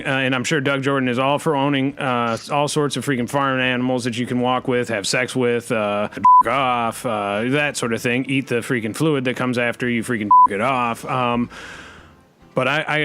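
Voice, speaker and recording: A man hosting a comedy podcast, rambling deadpan and packing every sentence with the same filler word. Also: mid-range voice. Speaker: podcast host.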